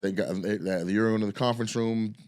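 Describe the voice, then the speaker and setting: A man's voice: on the low side, steady tone, fairly quick, darkish tone. Profane storytelling comedian in his forties. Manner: profane, loose and rambling, acts out the people he quotes. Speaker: comedian and podcast host. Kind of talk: casual storytelling on a podcast.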